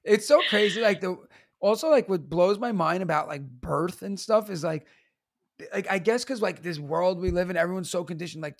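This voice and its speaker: Gravelly-voiced man telling stories on a podcast. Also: sits high, normal speed. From New York. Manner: animated storytelling, acts out quotes, laughs often. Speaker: guest, teacher and comedian. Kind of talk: casual podcast interview.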